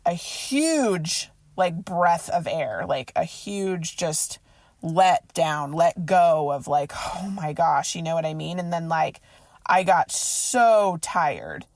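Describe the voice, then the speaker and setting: A woman podcast host and mindset coach telling a personal story in a casual, animated way, full of "like" and quoted thoughts. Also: lowish voice, slow, no room sound. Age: adult. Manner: animated, emotional retelling with many "like"s.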